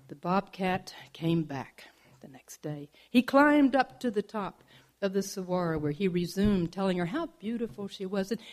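A woman telling a folk tale aloud in a playful, expressive manner. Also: medium pitch. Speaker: storyteller. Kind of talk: oral folk storytelling.

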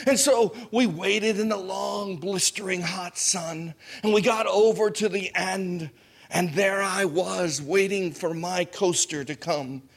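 A man telling a personal story with drama, dropping to hushed asides and rising to shouts, laughing through lines. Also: high-pitched, slow pace, creaky.

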